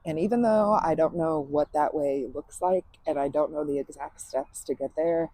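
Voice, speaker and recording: Female podcast host, mellow husky voice, candid and emphatic, outdoor backyard monologue. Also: sits low, moderate pace, dry recording, rough recording. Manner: emphatic, swears freely, laughs often.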